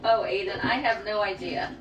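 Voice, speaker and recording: A woman's voice: medium pitch, steady tone, moderate pace, highs cut off, heavy background noise. A middle-aged woman from Pennsylvania chatting casually while cooking in her home kitchen, rambling and reading viewer comments aloud. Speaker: livestream cooking host.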